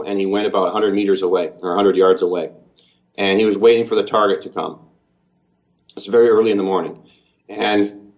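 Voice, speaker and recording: A Canadian man giving a long, detailed, earnest first-person account in an interview. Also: lowish voice. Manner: earnest, detailed, methodical storytelling.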